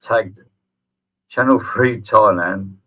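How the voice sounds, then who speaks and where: A man's voice: lowish voice, slow pace, bright, forceful tone, husky. A middle-aged man, hosting a sarcastic response video, sneering and swearing freely. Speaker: channel host. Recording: tinny phone-like audio.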